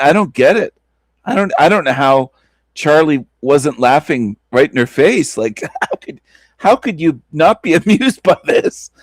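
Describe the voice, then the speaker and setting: Hosting a stream, a man mocks a video clip in disbelief, laughing frequently in casual reaction commentary. His voice sits a little high, with no room sound.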